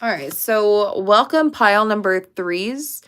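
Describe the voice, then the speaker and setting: A woman with a medium-pitched, slightly bright voice and lively intonation gives a casual pick-a-card tarot reading to camera. She takes it slowly and speaks directly and emphatically, swearing casually.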